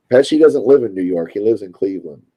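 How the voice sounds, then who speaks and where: A man's voice: lowish voice, warm tone. A man with a Louisville Kentucky accent, chatting casually and rambling to his stream viewers. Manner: rambling, chatty, self-interrupting.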